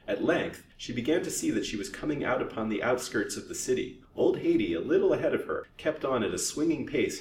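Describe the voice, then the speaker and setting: Man reading a story out loud, lowish voice, steady, echoey room and far from the mic. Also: a little hiss or hum.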